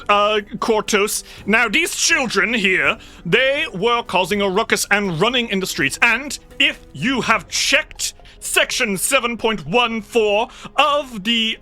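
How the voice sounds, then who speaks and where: A pompous armored officer of the law barks orders and stumbles through rule numbers, put on by a game master. The voice sits well above the narrator's own and comes out loud and officious. It is brightly toned. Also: medium pitch, pitched above the performer's own voice. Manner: officious, stammering, cites legal codes; loud and commanding.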